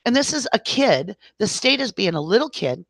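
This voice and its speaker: A woman's voice: mid-range voice, very animated, normal speed, vocal fry, fairly bright tone, no room sound. A woman hosting a livestream, ranting at length in an exasperated voice and talking straight to her viewers. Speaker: livestream host.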